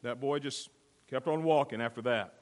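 A man's voice: medium pitch, moderate pace, a little mellow. A male pastor delivering a sermon in a church, telling a story and drawing amens from the congregation. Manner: storytelling, emphatic, call-and-response. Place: church sanctuary. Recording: long hall reverb.

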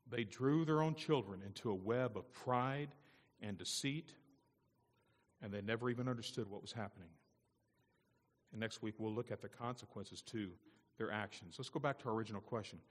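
A man's voice: fairly low pitch, moderate pace, long pauses, in a large hall. A man pastor delivering an emphatic sermon with call-and-response asides. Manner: emphatic, call-and-response, rising to loud peaks.

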